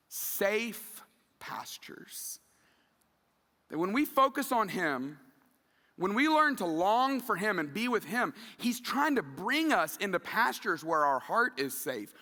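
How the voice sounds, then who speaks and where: A middle-aged man preaching a sermon in a church, conversational and animated, acting out quoted asides. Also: high voice, big-room sound. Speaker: pastor. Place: church sanctuary.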